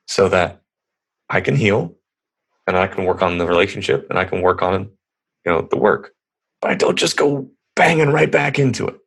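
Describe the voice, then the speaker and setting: A man's voice: low-pitched, animated, moderate pace, vocal fry, a bit bright, breathy edge. A man in his thirties, a podcast guest, telling stories in a rambling, earnest, casual way. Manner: rambling, earnest, lots of restarts. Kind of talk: casual conversational storytelling.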